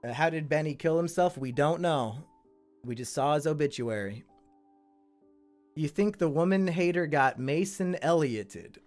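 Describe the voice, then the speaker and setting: Man, live-stream host, blunt and crude, fairly high voice, faint music behind. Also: expressive, a little slow, a little mellow. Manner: blunt and crude, swearing freely; chatty asides to the chat. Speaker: live-stream host reading viewer stories.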